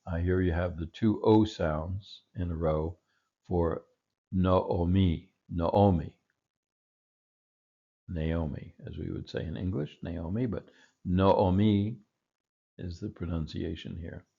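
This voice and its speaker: A man teaching a recorded Hebrew vocabulary lesson, patiently repeating each word slowly. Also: deep voice, steady tone, creaky, breathy edge, phone-quality sound.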